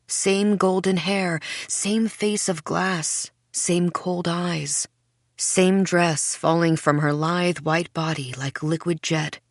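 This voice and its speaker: A woman reading a first-person mystery audiobook in a measured, hushed way. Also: lowish voice, fairly even intonation, no room sound, studio quality. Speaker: audiobook narrator. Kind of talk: scripted first-person narration.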